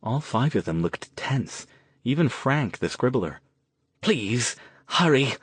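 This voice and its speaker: A man reading an audiobook novel aloud in an even, measured way. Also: medium pitch, breathy edge, no echo. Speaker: audiobook narrator. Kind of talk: scripted narration.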